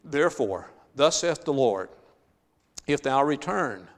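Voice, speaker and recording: A man's voice: mid-range voice, expressive, slow pace, big-room sound. A man preaching a sermon, reading scripture aloud with emphasis and then paraphrasing it in a conversational way.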